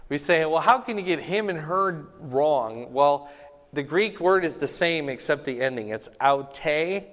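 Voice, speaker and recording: A man's voice: medium pitch, a bit bright. Man preaching in a reverberant hall. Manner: conversational, checks in with "okay?", stresses key words slowly. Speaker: pastor. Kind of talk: sermon Bible teaching.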